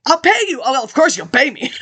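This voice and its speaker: A woman's voice: high voice, big pitch swings, quick pace, sharp tone. A woman rambling through a monologue, reading old papers aloud and jumping between topics with sarcastic asides.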